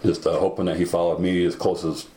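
A man with an extremely deep, dark voice who talks quickly and plainly about leading the boats. The room is echoey, with faint noise underneath. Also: level tone. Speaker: river guide. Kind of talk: casual interview answers.

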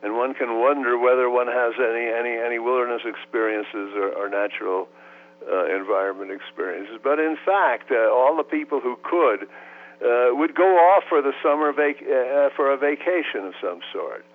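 A man's voice: medium pitch, normal speed. A man in his eighties from the United States, recalling his life in an oral history interview, hesitant with many fillers and restarts. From United States (Los Angeles, raised in New York City). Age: 80s. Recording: tinny phone line.

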